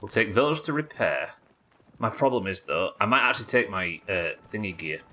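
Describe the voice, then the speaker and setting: Streaming a game, a man from New Zealand with a plain accent works through his strategy aloud and answers his chat in a relaxed, casually profane way. His voice is low but bright and strong, expressive, at a moderate pace.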